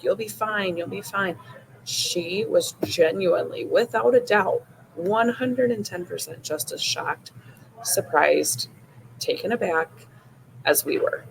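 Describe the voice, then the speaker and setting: A woman's voice: low-pitched, vocal fry, slight background noise, rough recording. A woman hosting a podcast, telling a personal story casually with many "like"s and "you know"s. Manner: casual, frequent "like" and "you know", retelling with rising emotion. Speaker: podcast host.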